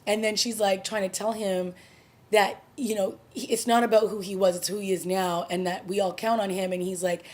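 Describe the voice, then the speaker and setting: Woman vlogger talking through a tv episode, chatty, mid pitch, lots of you know and like. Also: flat delivery, moderate pace, darkish tone. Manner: chatty, conversational recap with fillers. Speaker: TV review vlogger. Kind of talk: casual spoken episode review.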